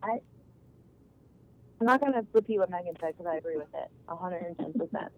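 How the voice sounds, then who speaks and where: An enthusiastic woman talks in a casual podcast chat, rambling happily with fillers. Her voice is on the low side. The call audio is dull and lo-fi. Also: lively intonation, fairly quick. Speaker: guest, agriculture academic.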